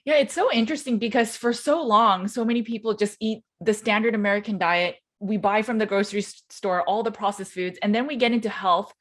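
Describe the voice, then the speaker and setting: A woman's voice: medium pitch, brisk, hardly any pauses. A woman hosting a podcast, chatting casually with her guest, agreeable and thinking aloud as she talks. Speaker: podcast host. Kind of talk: casual interview chat.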